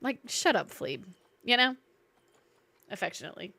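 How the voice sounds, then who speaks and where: A Southern-accented woman streams a game, playfully chatting with viewers, reacting and greeting chat. Her medium-pitched voice is very animated, sharp and vocal-fried at a moderate pace, with no echo.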